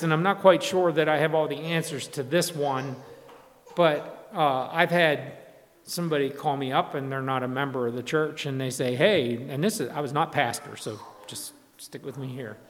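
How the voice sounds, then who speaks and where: A man's voice: fairly high pitch, fairly even intonation, normal speed, a bit bright. A man preaching a sermon in a conversational way, often restarting and acting out quotes. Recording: long hall reverb.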